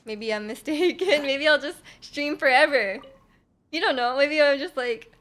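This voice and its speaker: A woman's voice: sits high, moderate pace, fairly bright tone. A woman streaming a game, chatting casually and giggling, rambling with lots of fillers. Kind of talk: casual chat while gaming.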